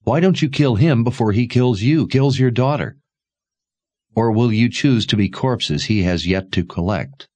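A man's voice: mid-range voice, a little slow, darkish tone, dry recording, voice pushed up, close to an everyday voice. A man reading aloud and voicing a ruthless, determined young warrior who talks bluntly and persuasively. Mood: urging.

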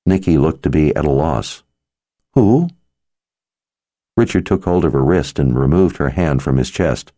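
A man narrating an audiobook in a measured, steady manner. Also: a bass voice, dry recording, studio quality.

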